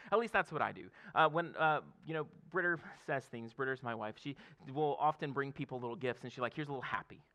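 This thirties-aged pastor's voice sits a little high, sounding pushed and bright. He gives a conversational sermon full of laughter, repeatedly checking in with the congregation by asking "okay?"

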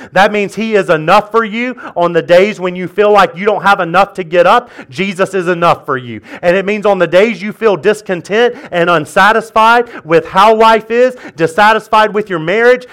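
A man's voice: high voice, fairly bright tone. A male pastor preaching in church, conversational and joking, emphatic as he drives his points. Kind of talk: sermon.

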